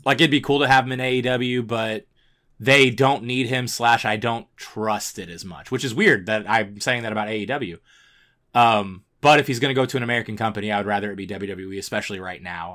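A man co-hosting a podcast in relaxed casual chat, with frequent hesitations and fillers. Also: on the low side. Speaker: podcast co-host.

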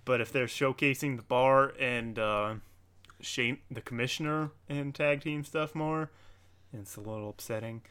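A man co-hosting a casual wrestling podcast, laid-back and halting, often chuckling. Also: medium pitch, fairly bright tone, clear, resonant tone. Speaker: podcast co-host.

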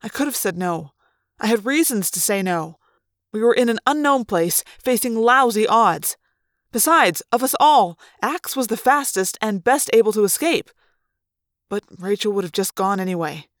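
A woman narrating a young-adult novel as a dramatic audiobook reading, slow and deliberate. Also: mid-range voice, animated, no room sound, clean studio sound.

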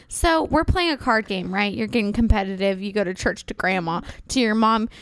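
A woman's voice: mid-range voice, brisk, clear, resonant tone, no room sound. A young woman in her twenties, co-hosting a casual chat, laughing often and swearing freely as she gives joking advice. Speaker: podcast co-host.

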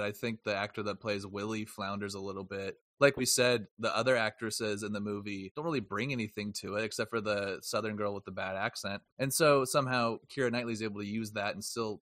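A man co-hosting a podcast, giving relaxed, chatty opinions on a film. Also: fairly low pitch, no room sound, clean studio sound. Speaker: podcast co-host. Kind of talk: casual film review chat.

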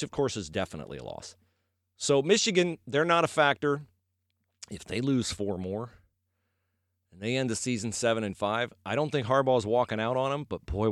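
Animated folksy male podcast host. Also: mid-range voice, no echo, studio quality. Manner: animated, folksy, emphatic repetition. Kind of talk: casual sports and faith podcast talk.

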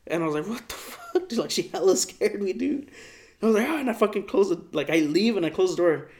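A young man with a slightly high voice tells a story in a loose, rambling way. He swears often and fills his talk with "like". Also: expressive, fast, darkish tone. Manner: rambling, swears a lot, lots of "like". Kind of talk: casual chat.

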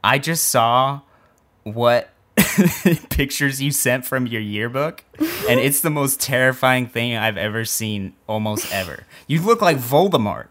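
Bright-voiced young man, teasing. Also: medium pitch, animated, unhurried. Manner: teasing, self-deprecating, jokey. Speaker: podcast co-host. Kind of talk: casual podcast chat.

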